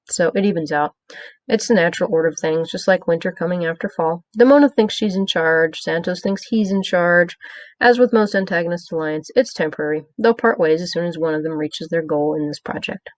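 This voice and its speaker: A woman with a fairly low voice reads her own episode review aloud. She moves through the plot summary with wry, sarcastic asides and small stumbles. The sound is close and dry. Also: dry recording. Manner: reads from a script with small hesitations. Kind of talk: read-aloud review with commentary.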